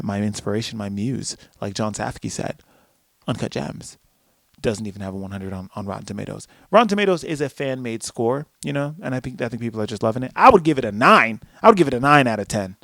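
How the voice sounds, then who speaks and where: A man's voice: medium pitch, vocal fry, no room sound, studio quality. A man hosting a solo podcast, ranting animatedly with plenty of swearing and acted-out asides to himself. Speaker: podcast host.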